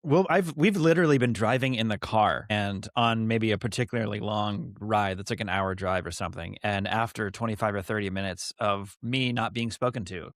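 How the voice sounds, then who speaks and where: A man speaking as a podcast guest in casual chat, telling stories in an animated way and laughing easily. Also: on the low side, normal speed, hardly any pauses, dry recording, clean studio sound.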